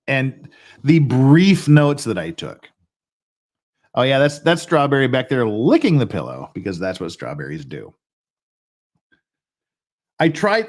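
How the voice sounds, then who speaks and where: Animated, rambling male livestream host. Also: medium pitch. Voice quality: animated, self-deprecating, swears mildly. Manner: rambling with frequent restarts and laughs. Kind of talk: casual livestream chat.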